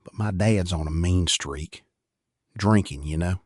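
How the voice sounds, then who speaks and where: A man's voice: low voice, unhurried, breathy edge, no echo, studio quality, voice pushed down. A man voicing a blunt, incredulous boy. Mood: scornful.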